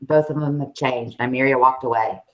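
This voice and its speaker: A woman with a Southern US accent co-hosting a casual chat, talking in an animated, chatty way and laughing often. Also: extremely low pitch, moderate pace, lo-fi sound. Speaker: co-host.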